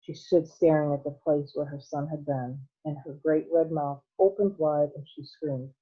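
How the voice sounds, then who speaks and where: A woman teacher reading a storybook aloud to students in a steady storytelling manner. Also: deep voice, moderate pace, hardly any pauses, breathy edge. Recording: tinny phone-like line.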